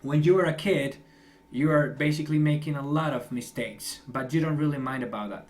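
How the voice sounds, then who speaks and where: Young male English teacher, encouraging and chatty, slightly raised pitch. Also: a little fast. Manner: encouraging, chatty, laughs often. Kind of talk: online class feedback.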